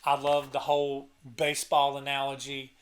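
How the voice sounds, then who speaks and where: In a casual talk to camera, a channel host reviews an album, speaking with feeling about the songs he loves most. He has a medium-pitched, monotone voice and keeps a moderate pace. His manner is earnest and enthusiastic, though he chokes up at times and frequently starts sentences over.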